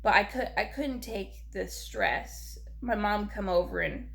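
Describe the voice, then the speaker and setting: Grieving young woman with a creaky voice. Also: mid-range voice, animated, a bit bright. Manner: halting, repeats herself, trails off. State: grieving, lacking sleep. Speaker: vlogger. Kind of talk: tearful personal vlog.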